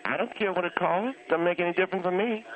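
A man's voice: high-pitched, quick pace, voice pushed up, close to an everyday voice. A man voicing a cranky, church-going elderly aunt who calls in and grumbles bluntly about everything. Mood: grumbling. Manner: blunt, grumbling, rambling complaints. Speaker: caller. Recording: tinny phone line.

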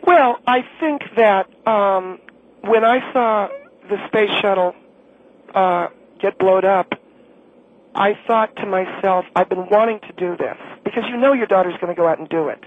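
A man voicing a blunt, condescending middle-aged woman who runs a homeowners' association and calls into a talk show. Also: a little slow. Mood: pushy. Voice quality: high, gravelly. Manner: condescending, pushy, tactless. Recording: tinny phone line.

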